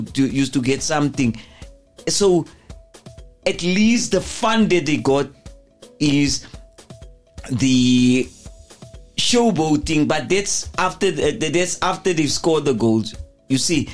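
An older man, talking as a football pundit in an emphatic, rambling way with lots of repeated words. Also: a little high. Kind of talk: studio discussion.

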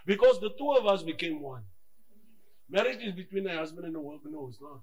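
A male pastor preaching a lively sermon, moving between shouts and hushed asides and acting out conversations in his stories. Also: high-pitched, fast. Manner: acts out dialogue in his stories.

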